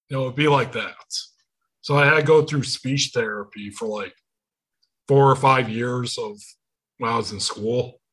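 Podcast host, male, Michigan accent, bright and husky, casual storyteller over a video call. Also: mid-range voice, steady tone, moderate pace. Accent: Michigan, Inland Northern. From Michigan, United States. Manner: storytelling with quoted voices, swearing freely. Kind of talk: casual chat.

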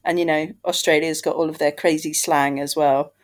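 A woman co-hosting a podcast in relaxed casual chat. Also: sits low, moderate pace. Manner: laughs often, relaxed. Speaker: podcast co-host.

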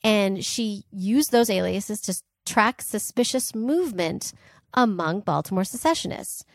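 A woman's voice: mid-range voice, animated, a little slow, no echo. A woman co-hosting a podcast, telling a history story in a casual, joking way with fillers and asides. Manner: chatty, jokey, fillers and asides. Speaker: podcast co-host.

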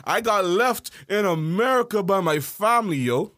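A man co-hosting a podcast, telling stories from his childhood in a loose, animated way and acting out the voices of the people in them. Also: high-pitched, moderate pace, no echo, clean studio sound. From South Florida. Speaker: podcast co-host. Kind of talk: casual storytelling chat.

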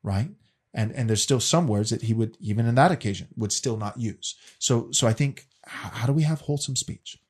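A man's voice: mid-range voice, a little fast, a little mellow, breathy edge. A man casually explaining a faith question as a teacher, earnest and often repeating words as he restarts.

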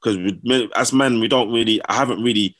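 A man's voice: mid-range voice, fairly quick. A man telling stories in casual slang, acting out what people said. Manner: slangy, animated, acts out quotes. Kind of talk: casual storytelling.

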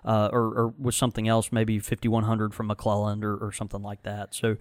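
A man hosting a casual chat, telling stories in a lively, rambling way with many restarts. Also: lowish voice, fairly quick, dry recording. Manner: animated, storytelling with frequent restarts. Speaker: tobacco shop host. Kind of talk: casual conversational review.

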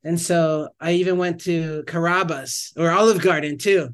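A man in his thirties talks casually as a podcast guest, his voice pitched a little higher than most men's. He rambles through his stories, stops partway and restarts his sentences as he goes. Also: fairly even intonation, moderate pace, smooth. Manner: rambling, self-correcting storyteller with frequent restarts. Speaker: missionary guest. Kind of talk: casual storytelling interview.

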